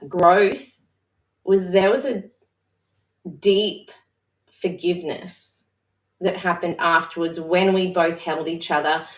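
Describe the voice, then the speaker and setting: Candid reflective woman, far-off roomy sound. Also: lowish voice. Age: adult mother. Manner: candid, reflective, halting with restarts. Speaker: session facilitator. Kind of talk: personal sharing in a live-streamed discussion. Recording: roomy echo, voice far from the mic.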